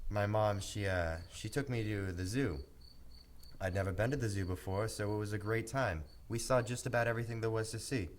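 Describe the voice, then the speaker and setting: A man's voice: lowish voice, a little fast. Earnest rambling man, crickets behind. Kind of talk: deadpan comic storytelling.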